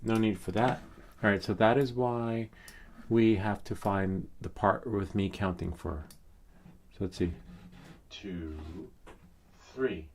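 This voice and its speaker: Deep-voiced man rambling through a tutorial. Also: steady tone, slow pace, pauses often, slight background noise. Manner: rambling, chatty, with many fillers and asides. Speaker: tech tutorial host. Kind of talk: casual screen-recorded tutorial.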